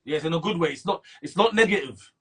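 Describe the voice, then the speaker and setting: A middle-aged man from Brixton with a South London accent, telling his story in a casual interview with animated street talk and sudden jumps in pitch when he stresses a point. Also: fast talker, slight background noise. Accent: South London, London slang. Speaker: interview guest.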